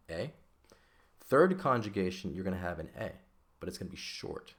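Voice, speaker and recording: A man teaching a grammar lesson over a shared screen, relaxed and conversational, often checking in with "right?". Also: low voice. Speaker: Latin teacher.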